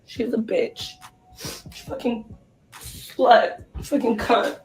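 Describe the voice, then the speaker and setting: A young woman performer, crying and hoarse, ranting profanely and in distress straight at her livestream viewers. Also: on the high side, steady tone, takes it slowly, a little mellow, slight background noise, low-quality recording. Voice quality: husky. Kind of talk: emotional livestream rant.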